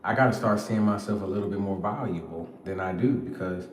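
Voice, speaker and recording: A man in his thirties talking in a casual, profane monologue, animated and slangy, often laughing as he rants. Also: sits low, fairly quick, a little hiss or hum. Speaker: podcast host. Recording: echoey room with long reverb.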